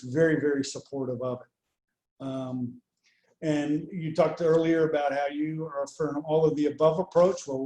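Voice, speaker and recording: A man's voice: fairly high pitch, darkish tone. Man reading poll numbers, echoey. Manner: measured, reads out numbers with many "uh" and "um" fillers. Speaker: pollster presenting survey results. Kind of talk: presentation over slides.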